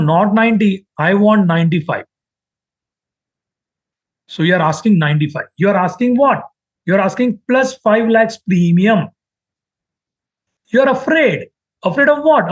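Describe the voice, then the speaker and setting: A man with an Indian English accent teaching trading in a live online class, acting out buyers and sellers in quick quoted lines. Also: high-pitched, slightly rough, lo-fi sound. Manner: animated, acts out buyers and sellers in quoted voices. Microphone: webcam mic on a video call.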